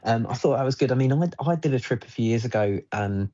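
A man's voice: mid-range voice, quick pace, warm tone, lo-fi sound. A man, a travel guest on a radio show, talking enthusiastically with many fillers and restarts. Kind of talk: radio interview chat.

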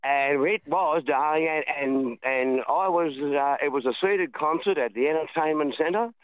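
A man's voice: a little high, normal speed, smooth, no echo. Chatty Australian man over the phone. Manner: chatty, rambling, calls the host darling. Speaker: radio caller. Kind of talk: phone-in storytelling. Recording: phone line.

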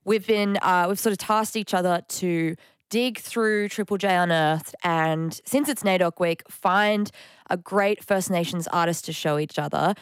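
Woman, radio co-host, chatty and self-correcting, fairly low voice, dry studio mic. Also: a little slow, clear, resonant tone, no room sound. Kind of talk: casual radio chat.

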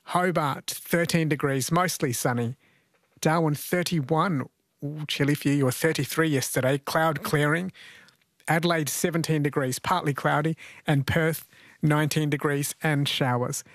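A man's voice: a little high, steady tone, normal speed, no echo. A man hosting a radio quiz, chatty and jokey, laughing often. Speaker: radio host.

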